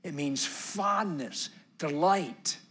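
Middle-aged man, pastor, bright tone, sermon delivery rising to loud emphasis then dropping to a hush. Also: fairly high pitch, extremely slow. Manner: animated preaching, swings from loud emphasis to near-whisper.

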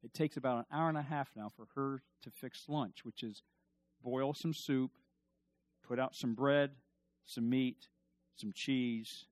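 A man's voice: mid-range voice, fairly even intonation, unhurried, no echo. A middle-aged man preaching a sermon as pastor, building to emphatic bursts and asking the congregation to repeat after him. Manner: preaching with rising emphatic bursts and call-and-response.

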